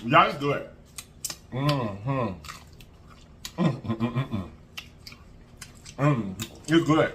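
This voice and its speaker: A man's voice: mid-range voice, drawn-out words, long pauses, slight background noise. A man hosting an eating show, chatting casually to viewers and humming as he eats. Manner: animated, sing-song hype, lots of humming while eating. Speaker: mukbang host.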